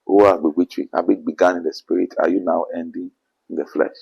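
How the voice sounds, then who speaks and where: A man's voice: sits low, level tone, brisk, vocal fry, a little mellow, breathy edge, muffled recording. A man with a Ghanaian accent, an apostle answering interview questions in an earnest preaching manner, often quoting scripture. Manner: earnest, quotes scripture, rising to emphatic bursts.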